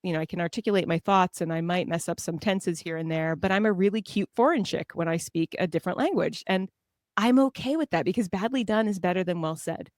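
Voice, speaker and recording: A woman from Southern California, a guest on a podcast, telling lively self-deprecating stories and laughing often. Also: lowish voice, brisk, no echo, studio quality. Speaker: guest author. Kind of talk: casual conversational storytelling.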